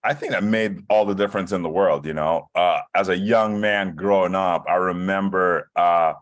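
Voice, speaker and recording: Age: 40s. Relaxed man from Saint Kitts. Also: deep voice, moderate pace, no echo, clean studio sound. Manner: relaxed, chatty storyteller with many fillers. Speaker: guest. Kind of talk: casual interview over video call. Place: hotel room. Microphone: video call.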